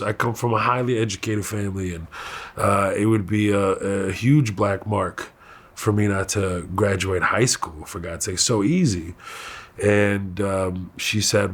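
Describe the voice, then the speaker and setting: A man with a Houston Texan accent telling stories from his youth in a candid interview, animated and laughing often. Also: fairly low pitch, normal speed. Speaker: comedian guest.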